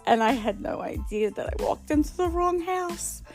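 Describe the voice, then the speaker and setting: A middle-aged woman hosts a casual comic storytelling session, recounting her own blunders in a high, expressive voice at normal speed. She mocks herself, laughs often, and acts out the voices of the people involved. Faint music plays in the background.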